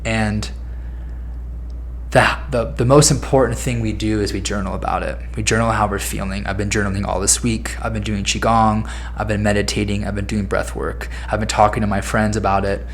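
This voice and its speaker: A young man in his twenties talks through a personal podcast monologue in a lowish voice. He is candid and emotional and swears freely. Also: level tone, normal speed, a little hiss or hum. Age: 20s. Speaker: podcast host.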